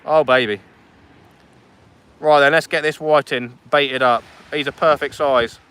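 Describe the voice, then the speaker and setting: A man's voice: medium pitch, steady tone, a little slow, fairly bright tone, clear, resonant tone. A man chatting casually on a fishing livestream outdoors on a beach at night, reading out viewer comments as he goes.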